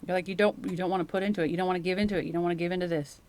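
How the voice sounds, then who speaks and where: A woman's voice: on the low side, fairly even intonation, racing, a little mellow. A woman giving a casual, rambling tarot reading that speaks straight to the viewer. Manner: rambling, chatty, addresses the viewer directly. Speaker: tarot reader.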